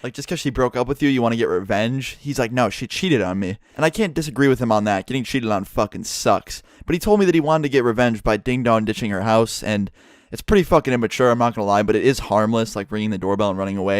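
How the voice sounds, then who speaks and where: A young man tells a story from his own life in a vlog. He talks quickly and swears freely. The sound is close and dry. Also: medium pitch, clean tone, no room sound. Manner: fast, profane, animated storytelling. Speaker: vlogger.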